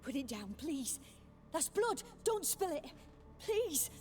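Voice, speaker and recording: A high pleading ghost girl. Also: sing-song, takes it slowly, a little mellow, soft background music, exaggerated voice. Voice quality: high, pleading voice with a faint accent.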